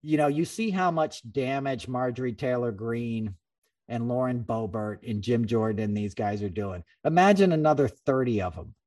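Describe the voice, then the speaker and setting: A man hosting a podcast, talking politics in a loose, animated ramble. He swears freely and keeps restarting his sentences. He sits a little back from the microphone. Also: mid-range voice, moderate pace, far from the mic. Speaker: podcast host. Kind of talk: casual political chat.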